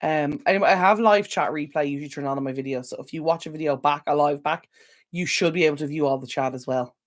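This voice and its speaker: A woman's voice: deep voice, fast. Chatty Irish woman live-streaming. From Ireland. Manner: chatty, rambling with many ums, addresses viewers by name. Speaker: livestream host. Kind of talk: casual live-stream chat. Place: indoor home room near a window.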